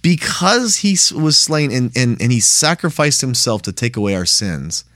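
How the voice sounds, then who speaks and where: A man's voice: medium pitch, big pitch swings, normal speed, fairly bright tone, dry recording, clean studio sound. A man teaching a Bible study in a plain, conversational way, often checking in with "right?".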